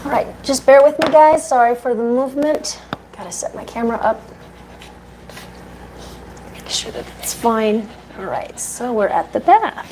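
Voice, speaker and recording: Chatty woman groomer, higher voice. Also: animated, normal speed, pauses often, a little mellow, slight background noise, poor audio. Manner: chatty, talks to the dog and viewers while working. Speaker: dog groomer. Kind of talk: casual live-stream chat while grooming. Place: grooming room with a bath.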